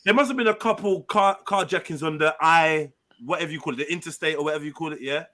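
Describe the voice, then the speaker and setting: A man's voice: fairly high pitch, quick pace, sharp tone. A man hosting a live online panel, brash and teasing, swearing freely in casual banter. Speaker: panel host.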